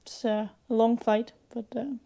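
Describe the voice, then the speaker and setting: A woman's voice: a little high, flat delivery, moderate pace, gravelly, warm tone. A young woman from Denmark talking casually to camera in a vlog, hesitant with many fillers, sometimes dropping to a half-whisper. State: sick, in bed. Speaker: vlogger.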